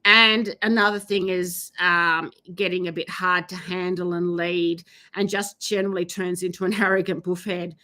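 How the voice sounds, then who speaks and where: A woman horse trainer giving advice in a live Q&A, talking with many ums and pauses. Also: lowish voice, bright, forceful tone. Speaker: horse trainer answering viewer questions. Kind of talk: live Q&A chat.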